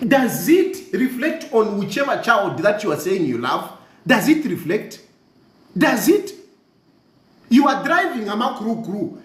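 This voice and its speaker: A man's voice: very high voice, echoey room. A man with a Zambian accent delivering an impassioned, mocking rant, repeating himself, switching between languages and laughing scornfully. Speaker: commentator. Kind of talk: impassioned social media rant.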